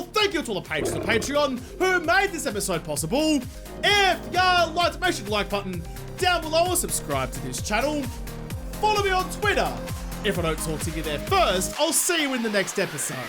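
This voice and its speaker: A man giving casual, excitable commentary on his gameplay, chatting to the game's animals as he plays. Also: extremely high pitch, a little fast, music in the background. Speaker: gaming channel host.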